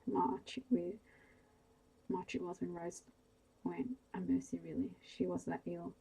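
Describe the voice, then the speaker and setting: A woman voicing a resigned Cornish farm woman in her sixties, softly within a bedtime story reading. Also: lowish voice, little pitch movement, unhurried, creaky, a little hiss or hum. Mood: weary. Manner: plain, resigned country speech. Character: weary older Cornish farm woman, worn down. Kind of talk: soft ASMR bedtime story narration.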